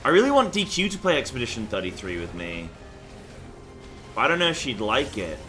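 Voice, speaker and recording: A man's voice: medium pitch, very animated, a little fast, sharp tone, faint music behind. A young man chatting loosely on a game stream, rambling with fillers and the odd swear word. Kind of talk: casual live-stream chat.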